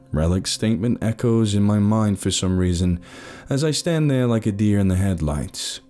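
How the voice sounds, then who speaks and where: Expressive male storyteller, lively pitch. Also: moderate pace, faint music behind. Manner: expressive, voices every character. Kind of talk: first-person story narration.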